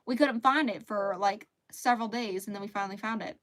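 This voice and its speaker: Speaking fairly quickly at a medium pitch, a woman in her thirties runs a laid-back live crochet stream. She reads viewers' messages out loud, chats easily and laughs a lot.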